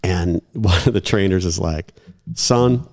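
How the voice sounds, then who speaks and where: A man in a podcast interview, telling animated anecdotes with laughs and quoted voices. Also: low voice, normal speed, creaky. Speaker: podcast guest. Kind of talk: casual storytelling.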